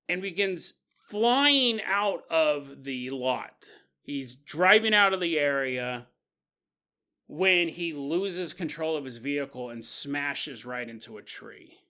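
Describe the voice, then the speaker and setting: A man hosting a podcast, telling a spooky story in an animated, conversational, jokey way. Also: a little high, slow. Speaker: podcast host. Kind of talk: storytelling narration.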